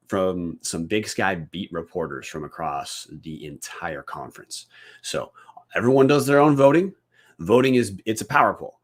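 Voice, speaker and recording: A man with a low voice runs a solo sports podcast. His delivery is casual and conversational, full of quick restarts and filler words as he works through a weekly rundown. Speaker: podcast host.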